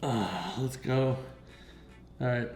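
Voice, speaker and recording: A man's voice: mid-range voice, slow pace, noisy background. A young man from Missouri with a Missouri accent, talking casually to the camera as a fitness vlogger in his home kitchen, joking as he goes. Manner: chatty, jokey, talks to the camera. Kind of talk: casual vlog narration. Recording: roomy home sound with faint music.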